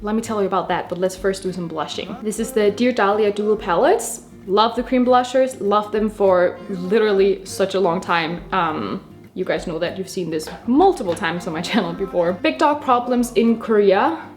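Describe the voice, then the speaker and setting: A young woman from Denmark talks casually to camera while she does her makeup. She rambles from one thought to the next and laughs often, her voice sitting in an ordinary middle range. Soft music plays quietly underneath. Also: medium pitch, normal speed. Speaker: beauty vlogger. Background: soft background music.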